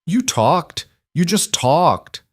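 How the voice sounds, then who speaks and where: A man's voice: on the low side, big pitch swings, measured pace, a little mellow, no room sound, studio quality. A man voicing a tough but tender cowboy father in an earnest, emotional way.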